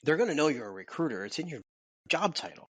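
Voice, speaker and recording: A man co-hosting a podcast from his home office, talking in an animated, casual way with repeats and swearing. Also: a little high, fast talker, breathy edge, dry recording. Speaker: podcast co-host. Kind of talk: casual chat.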